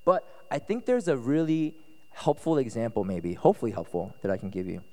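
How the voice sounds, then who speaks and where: A man preaching a casual, conversational sermon as pastor at a retreat, relaxed and chatty, often checking that listeners follow. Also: medium pitch, fairly quick. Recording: echoey hall reverb.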